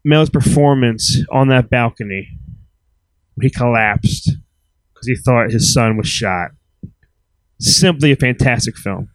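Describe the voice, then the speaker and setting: A man's voice: mid-range voice, takes it slowly, pauses often, no room sound, rough recording. Man, forties, podcast co-host, chatty, swears casually, dry close mic. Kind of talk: casual chat about films.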